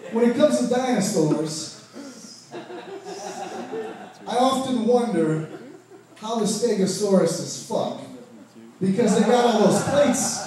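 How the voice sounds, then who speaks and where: A man's voice: very high-pitched, a little mellow. A man from Ohio doing a crude, profane stand-up set on a comedy club stage, putting on mocking voices for the people in his jokes. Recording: very echoey club audio from far off.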